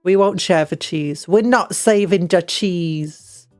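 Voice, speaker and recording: A woman's voice: on the low side, slow, a little mellow, dry recording, studio quality, soft background music. A British woman streaming a game, reading upgrades aloud and making jokey asides. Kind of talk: casual gameplay chat.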